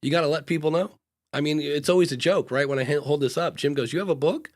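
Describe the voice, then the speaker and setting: A man's voice: fairly high pitch, fast talker. Man giving frank podcast advice. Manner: acts out little back-and-forth dialogues in changing voices; frank, loose talk with frequent fillers and restarts. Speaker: podcast consultant and co-host. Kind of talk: casual live podcast advice chat.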